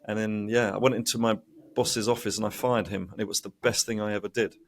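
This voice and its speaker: A man speaking as a guest in a podcast interview, telling his story with animated delivery and acted-out quoted voices. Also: on the low side, fast talker. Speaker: guest, investment educator.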